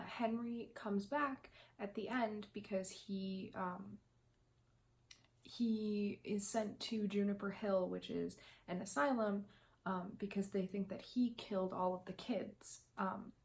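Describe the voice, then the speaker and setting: Chatty young woman vlogger, full of ums. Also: medium pitch. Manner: chatty, emotional, many ums, tearful laughs. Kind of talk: casual fan prediction vlog.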